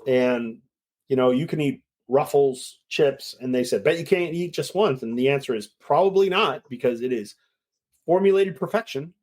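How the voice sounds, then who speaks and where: A middle-aged man as an interview guest, talking in an earnest, rambling way and now and then acting out quoted voices. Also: a little high. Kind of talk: casual conversation.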